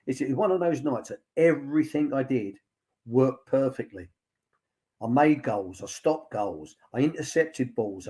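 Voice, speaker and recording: An older man talks in a relaxed, anecdotal way. He rambles through stories full of "um" and "he said," with an even, mid-pitched voice. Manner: chatty storyteller, lots of "he said" and fillers. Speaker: former football academy director, guest. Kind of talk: anecdotal casual chat.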